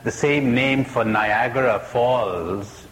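A man's voice: medium pitch, slow pace, a bit bright, in a large hall, slight background noise, poor audio. A man giving a reflective spiritual talk, asking questions and telling jokes in a playful storytelling manner.

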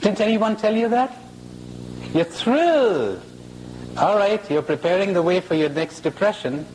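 A man giving a live spiritual talk to an audience in a hall, slow and emphatic, playful with rhetorical questions. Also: high voice, a little mellow, slight background noise. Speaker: spiritual speaker.

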